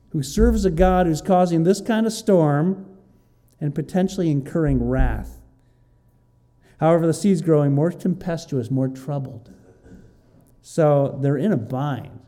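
Bright-voiced man teaching from the Bible. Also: fairly high pitch. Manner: reads scripture aloud, then explains it with lively asides.

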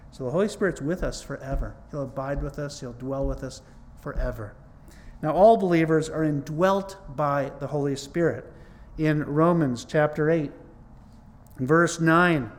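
A man preaching a sermon in a conversational but emphatic way, teaching from scripture and stressing points with rises in his voice. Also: on the high side. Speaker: pastor.

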